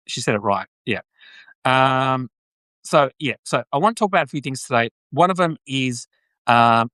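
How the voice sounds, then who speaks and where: A man's voice: medium pitch, fairly bright tone, no room sound. An Australian man hosting a live video podcast, chatting casually and greeting viewers in the chat. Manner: chatty, rambling, reads out viewer comments. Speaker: podcast host.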